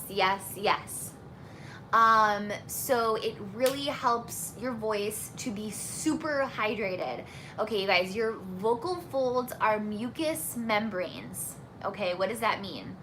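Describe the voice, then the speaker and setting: Bright-voiced woman, chatty singing teacher. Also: on the high side, a little hiss or hum. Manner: friendly, chatty, lots of fillers and restarts. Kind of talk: casual live Q&A chat.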